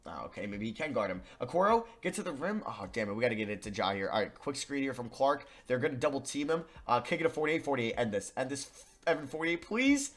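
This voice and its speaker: A young man commentating his own basketball video game, muttering plans and then shouting at the plays. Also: medium pitch, fast talker. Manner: excitable, swings from muttering to yelling. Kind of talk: gaming commentary.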